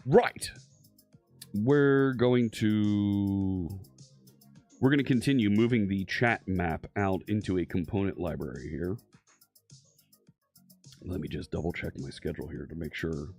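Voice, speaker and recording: A man's voice: sits low, a little mellow. A man hosting a live coding stream, chatting casually and thinking aloud with frequent fillers and restarts.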